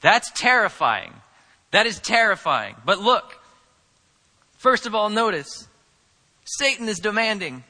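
A man's voice: high voice, sing-song, slow pace, pauses often. Earnest preaching man in a reverberant hall. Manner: earnest, swings from hushed to emphatic. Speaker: pastor. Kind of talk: sermon.

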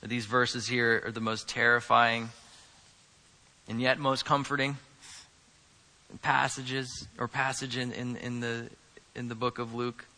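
A male pastor delivering a sermon earnestly, moving between hushed asides and emphatic stresses. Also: medium pitch, flat delivery, unhurried, long pauses, long reverb tail.

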